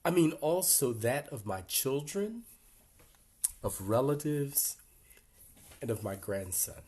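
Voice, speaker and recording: An older man speaking earnestly to a support group in a reflective workshop talk, gently emotional, with pauses. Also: mid-range voice, sing-song, husky.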